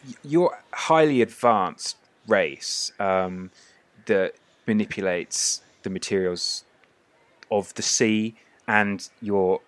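Male podcast host and game master, lower voice, dry close mic, rambling descriptive narration. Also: takes it slowly, a bit bright, no room sound. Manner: descriptive, with many fillers.

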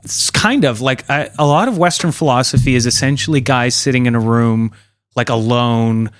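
A man's voice: medium pitch, normal speed, dry recording, studio quality. A young man hosting a casual comedy podcast, rambling loosely, swearing a lot and acting out voices. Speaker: podcast host.

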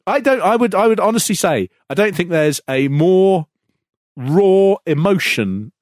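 A man co-hosting a podcast, telling a story in an animated way, laughing and restarting his sentences when he gets excited. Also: high-pitched, unhurried, no room sound, studio quality. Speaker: podcast co-host. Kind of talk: casual storytelling chat.

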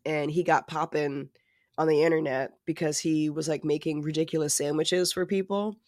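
A podcast co-host in casual chat who talks in an animated, profane, joking way. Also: mid-range voice, moderate pace, dry recording, studio quality. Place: lives in New York City.

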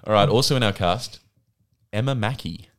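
A man's voice: fairly low pitch, normal speed, crowd noise. A man co-hosting a casual podcast chat, hesitant and full of fillers. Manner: hesitant, filler-heavy, laughing. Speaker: podcast co-host.

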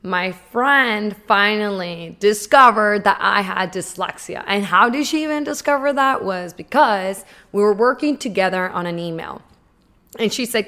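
A woman giving an earnest, emotional personal testimony, with emphatic pauses. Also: medium pitch, pushed and bright.

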